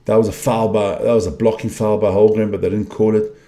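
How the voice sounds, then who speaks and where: A man's voice: fairly low pitch, level tone, brisk, dark tone. A middle-aged man reacting live to a basketball game as a fan commentator, frustrated and blunt, swearing at bad plays. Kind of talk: live watch-along commentary.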